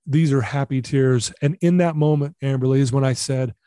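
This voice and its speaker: A man's voice: medium pitch, normal speed, few pauses, no echo, studio quality. Middle-aged man telling an earnest story. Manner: earnest, animated storytelling with quoted dialogue. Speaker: guest. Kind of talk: storytelling interview.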